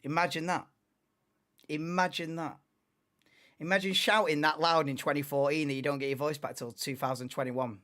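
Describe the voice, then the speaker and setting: A man in his late twenties, hosting a live race watchalong in an excitable, rambling, chatty way. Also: on the high side, normal speed. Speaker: livestream host.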